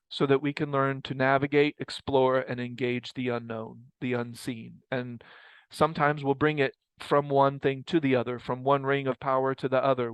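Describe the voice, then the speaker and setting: A man's voice: medium pitch, clean tone, no echo, low-quality recording. A man leading a group study session on a mindfulness practice, talking in a rambling, reflective way and often correcting himself. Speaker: mindfulness teacher. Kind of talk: casual group teaching talk.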